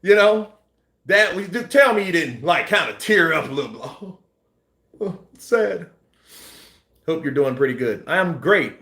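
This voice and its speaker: A man hosting a boxing news channel, chatting casually and acting out scenes with shouts and sound effects. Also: fairly high pitch, animated, normal speed, reverberant. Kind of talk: casual live-stream chat.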